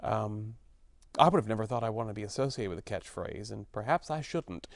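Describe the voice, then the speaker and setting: A man's voice: lowish voice, expressive, brisk, creaky, no echo. A man in his thirties with a slight Texan accent, answering interview questions in a frank, chatty way, thinking aloud with fillers and restarts. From Texas. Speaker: actor being interviewed.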